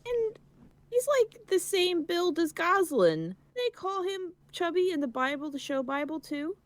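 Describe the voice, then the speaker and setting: A woman's voice: very high voice, big pitch swings, unhurried, dry recording. A woman co-hosting a podcast, reacting in casual chat with wry, incredulous remarks. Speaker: podcast co-host.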